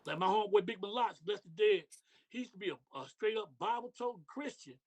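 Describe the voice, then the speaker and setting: A man's voice: high-pitched, a little fast. A middle-aged man from Detroit, a podcast guest in casual interview chat, talking loosely in street slang with lots of "you know what I mean".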